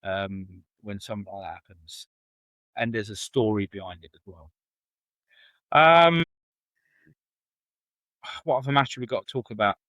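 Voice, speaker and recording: A man's voice: on the low side, a little slow, pauses often, fairly bright tone, no room sound. A man from England co-hosting a wrestling podcast, chatty and enthusiastic in casual conversation. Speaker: podcast co-host. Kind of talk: casual chat.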